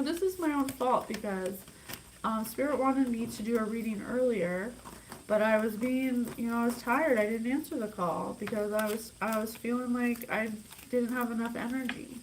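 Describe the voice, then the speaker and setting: A young woman talks through a psychic reading in an intense, emphatic way. Her voice sits a little high. She sounds worked up as she speaks straight to her listeners. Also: moderate pace, a little hiss or hum, low-quality recording. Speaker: psychic reader. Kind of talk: channeled reading monologue.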